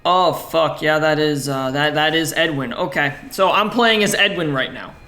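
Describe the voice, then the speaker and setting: Bright-voiced casual gaming streamer. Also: male voice, on the high side, moderate pace, soft background music. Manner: casual, swears, jokey self-talk; reads game text aloud in a flat voice. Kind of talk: let's play commentary, reading game text aloud.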